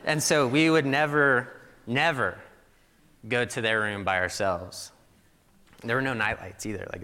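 Preaching in a relaxed storytelling style full of "like" fillers, a young pastor from Missouri speaks in a fairly low, sharp-toned voice. A long reverb tail trails his words.

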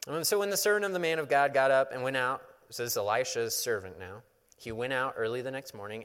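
A man's voice: lowish voice, animated, moderate pace, fairly bright tone, smooth. A male pastor preaching a sermon, retelling a Bible story in a casual, conversational way with touches of humor. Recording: long hall reverb.

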